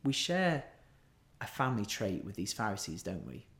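A man's voice: lowish voice, wildly swooping pitch, normal speed, vocal fry, fairly bright tone. A man preaching a sermon in an earnest, emphatic way, stretching out key words for weight.

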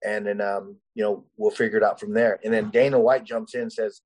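A man's voice: on the low side, little pitch movement, fairly quick, a little mellow, rough recording. Man, fighter guest, rambling, filler-heavy, casual storytelling.

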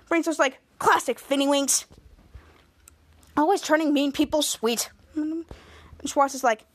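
A woman hosting a podcast, casually retelling a TV episode in a lively way and acting out the characters' lines as she goes. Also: sits high, moderate pace, pauses often, no echo. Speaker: podcast host.

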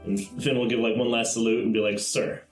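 A man's voice: mid-range voice, level tone, fast, soft background music. A man playing a tabletop game, describing his character's actions hesitantly, with lots of fillers. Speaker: player. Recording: echoey room.

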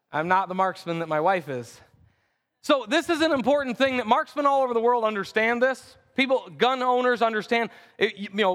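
A man's voice: high-pitched, fairly bright tone. A man preaching a sermon as pastor, reading scripture verses aloud and building in intensity as he speaks. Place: church sanctuary. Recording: long reverb of a church hall.

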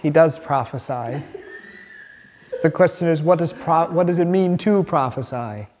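A man teaching a bible class, animated and chatty, quizzing the class and laughing as he reads aloud. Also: on the high side, unhurried, long reverb tail, crowd noise. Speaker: catechism teacher.

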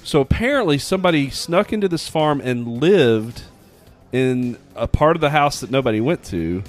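A man's voice: a little high, lively intonation, moderate pace, soft background music. A man co-hosting a podcast, telling a story casually with plenty of fillers. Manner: storytelling, chatty, hesitant with fillers. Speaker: podcast co-host. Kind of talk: casual chat.

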